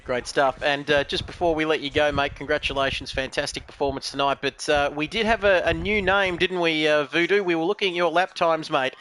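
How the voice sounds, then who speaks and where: A man's voice: on the high side, fairly even intonation, a little fast, few pauses, fairly bright tone. Upbeat man hosting a race stream. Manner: upbeat, chatty, lots of "mate" and "uh". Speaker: sim racing league host. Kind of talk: post-race interview hosting.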